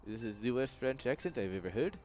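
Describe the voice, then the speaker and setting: A man's voice: mid-range voice, animated, quick pace, a little mellow, slight background noise. A man casting a strategy game live for his stream, chatty, laughing often and talking straight to his chat. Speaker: esports caster and streamer. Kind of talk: live game commentary mixed with chat to viewers. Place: home streaming room with a webcam.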